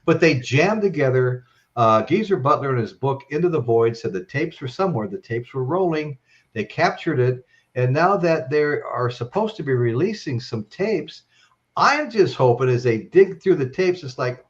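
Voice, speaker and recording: A man's voice: mid-range voice, animated, moderate pace, dull audio. A man hosting a live-stream chat, telling stories in a rambling way and ending lines with "okay?". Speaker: host.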